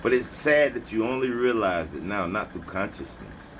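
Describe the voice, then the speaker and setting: Forceful taunting man preaching a rant. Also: fairly low pitch, big pitch swings, moderate pace, slight background noise. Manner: taunting, forceful, scolding listeners; repeats slogans, mocking laughter. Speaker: spiritual vlogger.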